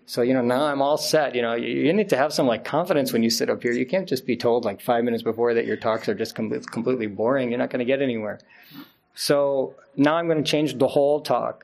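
Speaking at medium pitch with vocal fry and a darkish tone, this middle-aged man delivers a casual Friday sermon as an imam. He's chatty, laughs a lot, and keeps slipping in jokes at his own expense.

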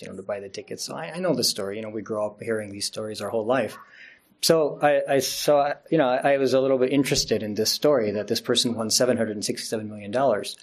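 Chatty middle-aged man giving a sermon. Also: lowish voice. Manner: chatty, laughs often, self-deprecating asides. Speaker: imam giving a Friday talk. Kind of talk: informal sermon.

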